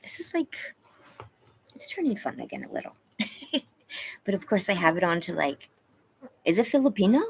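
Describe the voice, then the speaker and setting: A woman's voice: medium pitch, very animated, moderate pace, pauses often, a little hiss or hum, poor audio. A woman hosting a casual live stream, chatting with viewers and reading the chat aloud, laughing often. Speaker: livestream host. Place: home, yard.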